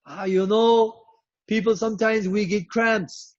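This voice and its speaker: A man giving an inspirational keynote address, preachy and emphatic, with drawn-out phrases. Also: high-pitched, fairly even intonation, darkish tone, dry recording. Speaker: keynote speaker. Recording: dull lo-fi recording.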